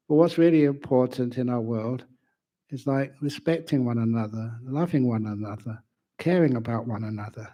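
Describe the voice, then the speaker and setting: A man, a Buddhist monk, giving a humorous dharma talk at a university with animated storytelling. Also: mid-range voice. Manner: animated storytelling, laughs at own jokes. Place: university lecture venue.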